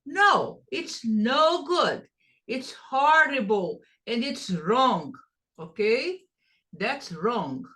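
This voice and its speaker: A woman's voice: fairly high pitch, animated, very slow, fairly bright tone. A woman teaching English pronunciation, repeating phrases to show stress and rhythm. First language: Portuguese. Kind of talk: pronunciation lesson.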